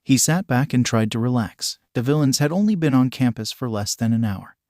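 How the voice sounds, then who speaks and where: A man reading a fan fiction story aloud in a steady storytelling manner. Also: mid-range voice, a little fast, no echo, clean studio sound. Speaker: narrator.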